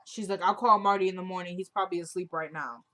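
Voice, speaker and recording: A woman talks straight to her audience in a relaxed, casual recap of a TV episode. She retells the scenes line by line, stringing them together with "she goes" and "he's like." Her speech is informal and full of slang. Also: lowish voice, fast talker. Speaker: TV show recap vlogger.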